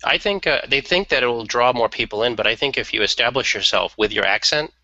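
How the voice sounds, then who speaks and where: A man's voice: medium pitch, animated, fast talker, bright, forceful tone, no echo, highs cut off. A man chatting casually and giving opinions on a radio talk show, often laughing.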